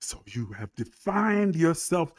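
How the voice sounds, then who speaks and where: A man's voice: on the high side, very animated, slow. A male preacher delivering an emphatic sermon, calling out to his listeners with rhetorical questions.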